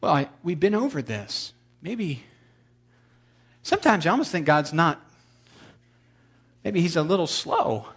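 A man's voice: on the high side, big pitch swings, a little slow, pauses often, fairly bright tone, husky. A man preaching a humorous sermon, telling stories with sarcastic asides and sudden jumps in volume.

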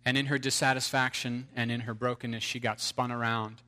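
A man's voice: medium pitch, flat delivery, fairly quick, bright, forceful tone. A man preaching an earnest sermon, telling a story to his congregation.

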